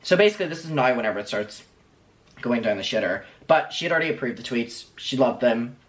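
A man's voice: mid-range voice, animated, quick pace. A man giving an earnest personal account, retelling events and reading out old messages in a played clip. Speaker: former fan recounting events.

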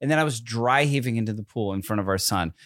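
A man's voice: mid-range voice, quick pace, a bit bright, dry recording, studio quality. Teasing young man podcast co-host. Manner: teasing, playfully argumentative. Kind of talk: casual chat. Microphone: studio microphone.

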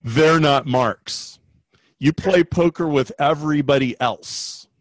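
A man's voice: fairly high pitch, takes it slowly, dry recording. A man voicing a brash male professional gambler who coaches a younger player in a breezy, bossy, matter-of-fact way. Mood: warning.

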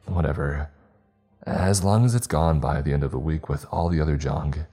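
A man's voice: a bass voice, moderate pace, mellow, husky, soft background music, heavily acted. A man voicing a tired, dismissive wife and mother who speaks curtly.

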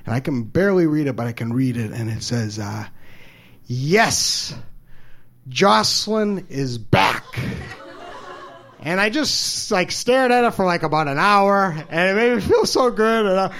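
A man's voice: a little high, expressive, a bit bright. Stammering, emotional man telling a story. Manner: halting, stammers and repeats words; openly emotional, self-deprecating. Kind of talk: personal story told live.

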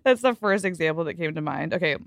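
A young woman hosting a casual podcast chat, blunt and animated, acting out little quoted voices. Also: deep voice, fast, no echo, studio quality. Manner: animated, mimics others in quoted asides. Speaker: podcast host.

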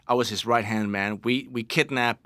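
A Danish-accented man tells animated stories as an interview guest, often restarting his sentences. His voice is bright and forceful, and the studio sound is dry and close. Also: mid-range voice, moderate pace, no room sound. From Denmark. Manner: animated anecdotes with many restarts and laughs. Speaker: actor guest. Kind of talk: casual interview storytelling.

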